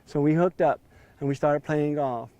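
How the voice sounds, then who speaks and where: Animated storytelling man in his fifties. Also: on the high side, normal speed, lo-fi sound. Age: 50s. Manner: animated, acts out quoted dialogue in raised voice. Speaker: interviewee. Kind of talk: storytelling in an interview.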